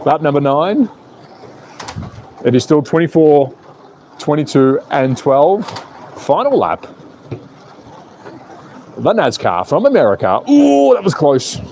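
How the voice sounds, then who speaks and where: A man hosting a live stream, calling slot car races with an excitable, playful manner and joking with the chat. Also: a little high, slow pace, pauses often, slight background noise. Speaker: live stream host and race caller.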